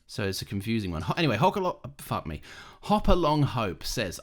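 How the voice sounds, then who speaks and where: A man co-hosting a podcast, chatting casually, swearing freely and laughing loudly as he reads out listener emails. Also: lowish voice, very animated, fairly quick. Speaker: podcast co-host. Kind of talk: casual chat.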